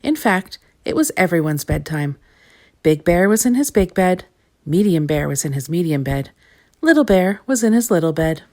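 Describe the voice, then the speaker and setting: A woman reading a children's storybook aloud, expressive and clear. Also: fairly low pitch, moderate pace.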